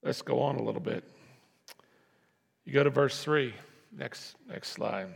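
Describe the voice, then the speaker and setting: Emphatic pastor in an echoey church. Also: male voice, mid-range voice, measured pace, gravelly, breathy edge. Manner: emphatic, repeats lines, asks congregation to respond. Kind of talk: sermon. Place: church sanctuary.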